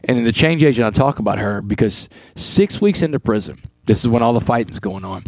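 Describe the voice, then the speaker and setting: A man from Texas telling his life story as a podcast guest, earnest and animated, acting out dialogue as he goes. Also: mid-range voice, brisk, dry recording. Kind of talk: storytelling interview talk.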